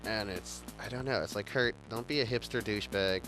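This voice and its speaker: A man's voice: fairly low pitch, brisk, fairly bright tone, faint music behind. A man hosting a casual chat, rambling enthusiastically with many stumbling restarts. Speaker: show host.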